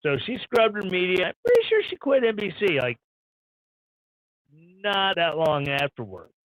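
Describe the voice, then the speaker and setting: A man's voice: high-pitched, very animated, normal speed, fairly bright tone, no room sound. A man hosting a live stream, delivering sarcastic, irreverent news commentary in a ranting style. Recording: dull lo-fi stream audio.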